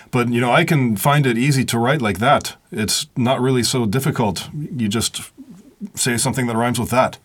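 A man's voice: medium pitch, normal speed, fairly bright tone, husky. A man co-hosting a podcast in a studio, chatting casually and joking with blunt opinions. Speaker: podcast co-host. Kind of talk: casual chat. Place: recording studio.

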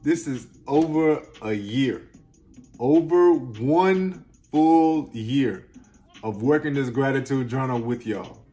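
Brief: man, slangy motivational vlog host, mid-pitched, light music under him. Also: takes it slowly. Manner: energetic, slangy, emphatic, swings between loud and soft. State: close to tears at times. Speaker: self-help video host. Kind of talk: motivational casual talk to camera.

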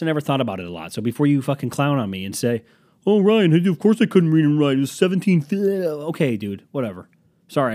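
Rambling, self-mocking man with a low voice. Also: a little mellow, no room sound. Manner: rambling, self-deprecating, profane, jokey. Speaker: podcast host. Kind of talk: solo podcast monologue.

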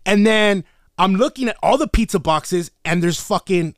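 A man's voice: high-pitched, normal speed, no room sound, clean studio sound. A man telling a story in casual chat, swearing constantly and using slang. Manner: profane, slangy, animated retelling. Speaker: podcast co-host.

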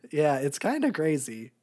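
A man's voice: fairly high pitch, husky. Laid-back rambling podcast guy. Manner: rambling, laughs often, trails off into quiet filler. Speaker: podcast co-host. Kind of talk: casual chat.

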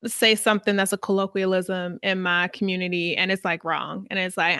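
A woman hosting a podcast, thinking aloud in a reflective, halting way with many fillers. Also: fairly low pitch, pushed and bright, no room sound, clean studio sound. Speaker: podcast host. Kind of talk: casual podcast conversation.

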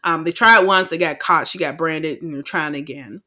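Woman on a podcast retelling a movie, cussing, super animated, bright voice. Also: sits low, moderate pace. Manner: animated, profane, quotes her own reactions. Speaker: podcast co-host. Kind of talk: casual movie recap chat.

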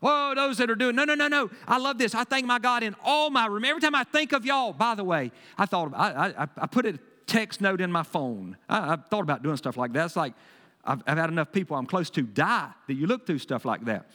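A man preaching from the pulpit, his voice high and bright with a sharp edge. He swings from ringing, emphatic bursts down to quieter, folksy asides. The sanctuary's long reverb trails after every line. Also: expressive, fairly quick. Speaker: pastor. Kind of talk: sermon. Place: church sanctuary.

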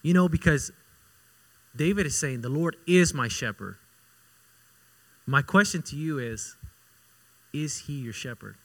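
Pastor guy preaching, bright forceful tone, gets loud then drops real quiet, repeats stuff. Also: a little high, a little slow, pauses often, rough recording. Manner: swings between loud emphatic bursts and quiet intimate asides; conversational, repeats himself for emphasis. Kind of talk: sermon.

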